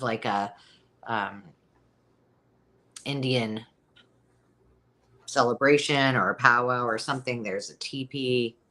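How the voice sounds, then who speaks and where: A middle-aged woman hosts a live sale with casual, chatty selling talk, rambling along and saying "um" a lot. Her voice is bass-deep with a fairly bright tone.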